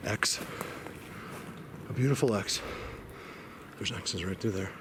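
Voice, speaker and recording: A man walking through a forest and talking to his camera, rambling and excitable with lots of fillers, a bit out of breath. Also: fairly low pitch, takes it slowly. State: slightly out of breath. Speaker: outdoor video blogger. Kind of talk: casual walking commentary. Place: outdoors in a forest. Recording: noisy outdoor field recording.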